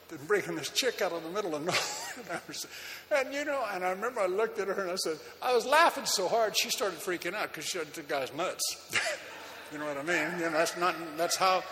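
A man preaching from the pulpit with a high, bright, forceful voice that rings through a large hall. He tells his story loosely and animatedly, with a faint room hum behind him. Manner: animated storytelling with frequent laughter and fillers. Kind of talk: sermon with personal testimony. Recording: long hall reverb, faint background ambience.

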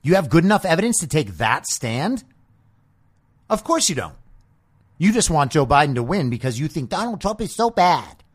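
Male podcast host, sarcastic profane rant, lively swinging pitch, somewhat high voice. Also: normal speed, husky. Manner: combative, sarcastic, profane ranting. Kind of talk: political commentary monologue.

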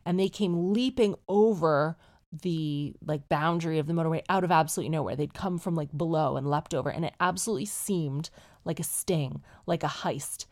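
A woman from the United Kingdom hosting a podcast, chatty and animated, casually telling a travel story while ill. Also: low-pitched, a little fast.

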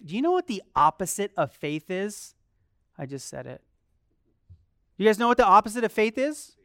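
Smooth-voiced lively preacher. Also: medium pitch, moderate pace, pauses often, dry recording, studio quality. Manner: lively, asks the congregation rhetorical questions; acts out quoted complaints in a softer voice. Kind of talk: sermon.

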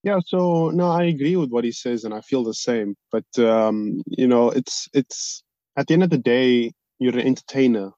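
Measured man, lo-fi. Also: mid-range voice, mellow, no echo. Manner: articulate, measured, reflective. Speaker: band member. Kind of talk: casual podcast chat. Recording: dull, lo-fi sound.

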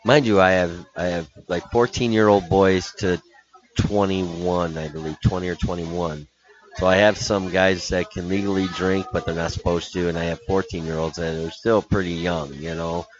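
A man's voice: low-pitched, moderate pace. A man, a hockey coach, telling a rambling road-trip story in casual podcast chat. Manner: animated, laughing storyteller with many restarts. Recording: dull lo-fi podcast audio.

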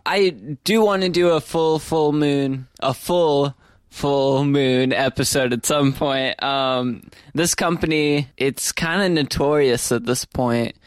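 Podcast co-host, male, deadpan jokes, unhurried delivery on a dry, close recording. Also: medium pitch, clean tone, no echo. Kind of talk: casual comedic podcast chat.

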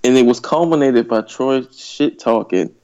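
A man's voice: mid-range voice, normal speed, a little mellow. A man co-hosting a casual sports podcast, laid-back and swearing casually. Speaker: podcast co-host. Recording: dull lo-fi sound.

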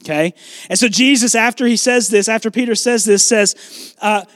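A man pastor preaching a sermon, animated, acting out biblical dialogue with shifting volume. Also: sits high, normal speed, no echo, clean studio sound.

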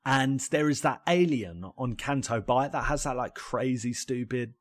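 A man, chatting casually as a podcast co-host, animated and loose, often saying "mate". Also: medium pitch, normal speed. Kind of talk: casual chat.

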